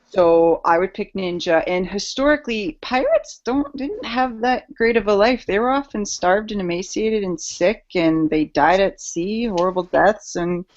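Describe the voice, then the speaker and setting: A woman's voice: medium pitch, unhurried, hardly any pauses. A woman chatting as a podcast guest, matter-of-fact and explaining. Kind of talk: casual chat. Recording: slightly muffled podcast audio.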